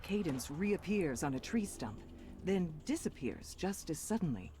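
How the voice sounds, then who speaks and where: A woman's voice: lowish voice, big pitch swings, measured pace, warm tone, faint music behind. A woman reading scripted game narration in a dry, storybook delivery.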